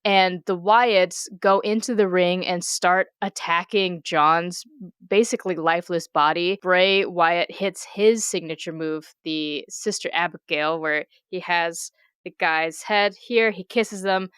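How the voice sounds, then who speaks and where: A podcast co-host with a blunt, casual manner who swears freely while recapping matches. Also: female voice, fairly low pitch, steady tone, unhurried, a bit bright, clean tone, dry recording, studio quality.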